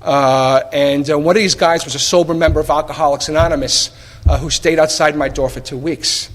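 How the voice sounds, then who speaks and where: A man's voice: fairly high pitch, brisk. Wry man telling his story in an echoing hall. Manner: animated, wry storytelling with rhetorical questions and quoted dialogue. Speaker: speaker sharing at a recovery meeting. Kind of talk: personal recovery story told to a live audience. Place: meeting hall. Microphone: taped at a live meeting. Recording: reverberant hall recording.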